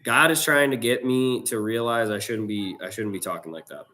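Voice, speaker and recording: A man with a fairly low voice hosts a live trading stream. He talks loosely and casually in slang, reacting to his viewers as he goes. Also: moderate pace, sharp tone. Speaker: livestream trading host. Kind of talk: casual livestream chat to viewers.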